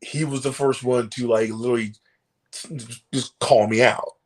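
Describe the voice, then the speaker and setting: A man's voice: mid-range voice, moderate pace. A man, a professional wrestler, telling stories in a casual podcast interview, laughing often and acting out quotes with casual swearing. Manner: animated storyteller, laughs often, acts out quotes.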